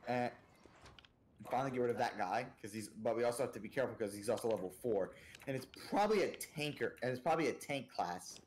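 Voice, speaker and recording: A man's voice: medium pitch, a little mellow. A man co-hosting a podcast while playing a video game, chatting casually in a joking, boastful and rambling way. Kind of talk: casual gaming chat.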